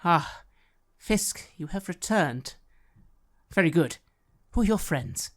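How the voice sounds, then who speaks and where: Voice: medium pitch, lively intonation. A game master playing a composed middle-aged archmage woman. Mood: formal. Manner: measured, courteous, commanding.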